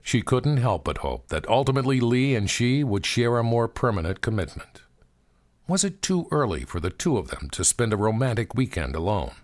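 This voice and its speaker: Expressive male audiobook narrator. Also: medium pitch. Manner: measured, expressive storytelling.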